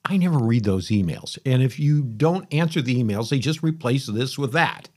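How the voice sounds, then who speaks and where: A man's voice: medium pitch, animated, normal speed, a little mellow. A middle-aged man hosting a podcast, telling a rambling, folksy story in a casual monologue, often interrupting himself. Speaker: podcast host.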